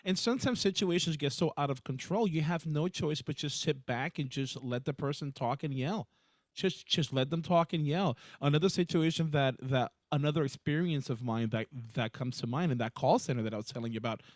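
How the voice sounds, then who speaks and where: A man co-hosting a podcast, telling an emphatic, animated story in casual conversation. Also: on the high side, fairly quick, dry recording. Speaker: podcast co-host, HR professional.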